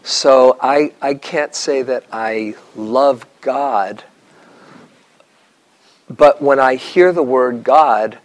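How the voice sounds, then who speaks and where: A man giving a dharma talk to retreat students, telling stories in a slow, reflective way with long pauses. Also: medium pitch, low-quality recording. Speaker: meditation teacher.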